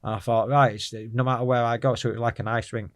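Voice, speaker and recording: A man's voice: medium pitch, flat delivery, fast, dry recording, clean studio sound. A man speaking as an interview guest, telling his life story in an earnest, frank and rambling way.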